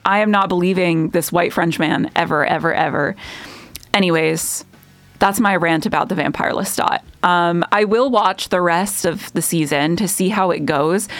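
A young woman with a somewhat low voice hosts her radio show in a casual, emphatic rant. She talks sarcastically and repeats lines for effect, laughing now and then. The sound is dry and close, recorded on a studio microphone. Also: dry recording.

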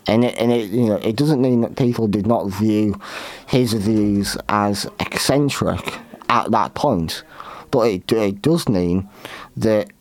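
A man hosting a show, talking through history in a halting way with many restarts and fillers. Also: fairly low pitch. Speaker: podcast host. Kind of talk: unscripted history commentary.

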